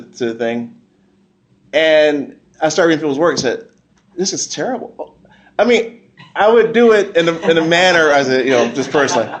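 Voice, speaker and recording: A man speaking on a convention panel as a comic book creator, blunt and animated, often repeating his words. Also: on the high side. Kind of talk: casual panel talk.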